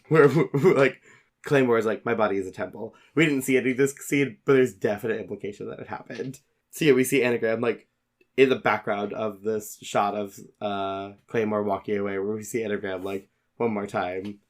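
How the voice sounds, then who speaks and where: A man's voice: on the low side, steady tone, moderate pace. A man narrating his character's actions in an actual-play tabletop game, casual and descriptive with frequent fillers. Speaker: player.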